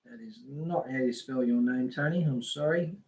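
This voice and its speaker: A man's voice: mid-range voice, normal speed, darkish tone. A man hosting a casual fishing live stream, chatting loosely, reading out names from the chat and laughing often. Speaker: livestream host.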